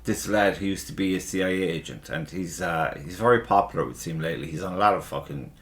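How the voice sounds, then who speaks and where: A man hosting a casual podcast chat, animated and swearing freely. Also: low voice, quick pace. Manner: animated, swears freely, talks over the guest. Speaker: podcast host.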